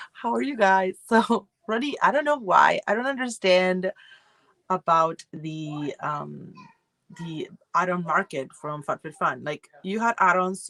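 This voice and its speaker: Woman, low voice, dry close sound, chatty livestream host, rambling with fillers. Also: a bit bright, dry recording. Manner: chatty, rambling, many fillers and self-corrections, greets viewers by name. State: feeling cold. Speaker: subscription box reviewer hosting a livestream. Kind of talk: casual livestream chat with viewers. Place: home room.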